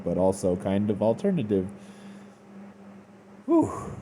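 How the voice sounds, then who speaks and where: A man's voice: low voice, expressive, a little slow, pauses often, warm tone, slight background noise. A man giving an unscripted, rambling review in casual slang, full of fillers. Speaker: fan fiction reviewer.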